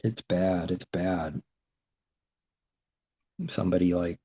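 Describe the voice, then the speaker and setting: A man's voice: low voice, creaky, a little hiss or hum. A man delivering an informal sermon, asking and answering his own rhetorical questions, often with mocking sarcasm. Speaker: preacher. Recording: dull lo-fi recording.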